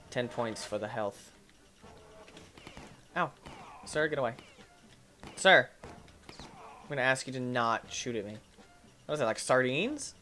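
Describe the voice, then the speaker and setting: A man hosting a gaming channel, giving playful, excitable let's-play commentary and talking back to the enemies on screen. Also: mid-range voice.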